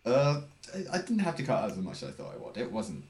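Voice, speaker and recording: A man's voice: mid-range voice, wildly swooping pitch, fast, darkish tone, echoey room. A young man co-hosting a podcast, chatting casually with dry, self-mocking humour. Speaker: podcast co-host and editor. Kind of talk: casual chat.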